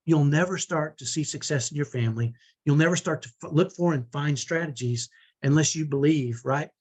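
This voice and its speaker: Husky-voiced earnest man coaching parents. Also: a little high, a little fast, a little mellow. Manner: earnest, motivational, direct. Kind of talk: online training talk.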